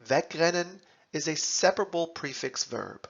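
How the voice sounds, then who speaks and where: A man narrating a scripted language lesson, deliberately sounding out German words and their translations, in a dull lo-fi recording. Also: on the high side, expressive, creaky, a bit bright. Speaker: language teacher.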